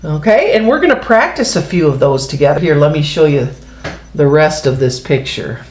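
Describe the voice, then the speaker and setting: A woman's voice: deep voice, animated, normal speed, darkish tone, roomy sound. A woman teaching a reading lesson to young children, patient and sing-song, showing pages as she explains. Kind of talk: early-grade phonics lesson.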